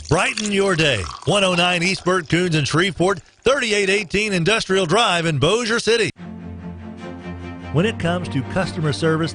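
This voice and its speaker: A man hosting morning radio with a fairly high voice that leaps up and down all the time. He reads sports news and ads with a jokey, bouncy touch, and soft music plays behind him. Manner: jokey, bouncy delivery with swings in pitch. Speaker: radio show host.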